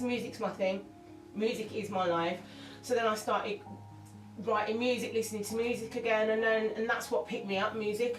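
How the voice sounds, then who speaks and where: A woman's voice: on the high side, normal speed, distant mic. A woman, a singer, speaking candidly and emotionally as an interview guest, rambling with restarts. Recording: roomy sound from off-mic with faint music.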